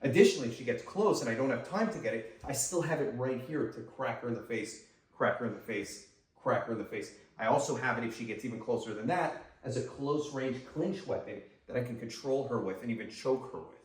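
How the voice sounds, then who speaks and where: Male martial arts instructor, mid-pitched, upbeat and demonstrative, recorded off-mic in an echoey room. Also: brisk. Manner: enthusiastic, talks while demonstrating moves. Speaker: self-defense instructor and host. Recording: roomy echo, mic some distance away.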